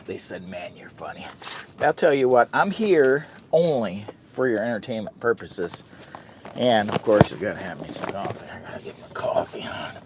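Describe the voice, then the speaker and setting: A man's voice: on the low side, lively intonation, normal speed, noisy background. A man chatting casually to the camera while camping in a hot tent, goofy and loopy, joking about himself in the third person. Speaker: camping vlogger. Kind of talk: casual vlog chat to camera.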